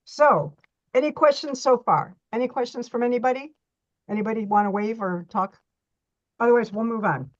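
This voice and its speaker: A woman's voice: on the high side, normal speed. Middle-aged woman, reflexology instructor, chatty and repetitive, slightly dull lo-fi audio. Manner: chatty, repeats words, restarts often. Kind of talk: online workshop teaching.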